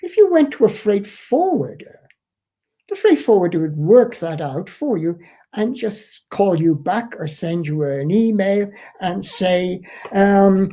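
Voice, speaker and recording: A trainer explains shipping costs in an earnest, emphatic instructional style, repeating key points to drive them home. His voice sits high and sounds creaky, mellow and husky.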